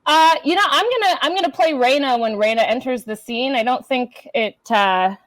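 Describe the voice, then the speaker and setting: A woman's voice: high voice, moderate pace, fairly bright tone, no echo, poor audio. Chatty woman directing a play reading. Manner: chatty, laughs often, bossy cues. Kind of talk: casual chat, explaining a scene.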